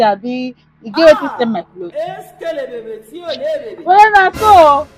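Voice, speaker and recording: A woman with a Nigerian accent in a comedy skit, rambling excitedly with loud outbursts. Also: sits high, normal speed, long pauses, background noise.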